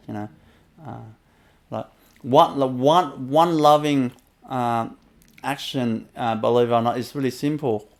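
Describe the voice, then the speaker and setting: On a webinar, a male spiritual teacher with a mid-range voice guides listeners through meditation. His guided spiritual talk is gentle and repetitive, full of fillers and soft laughs.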